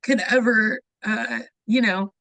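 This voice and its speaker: A woman's voice: a little high, steady tone, slow, creaky, a bit bright, dry recording, rough recording. A woman in her thirties earnestly telling a personal testimony, often saying "like" and acting out the voices she quotes. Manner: earnest, acts out quoted voices, frequent "like" fillers. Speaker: guest sharing her testimony.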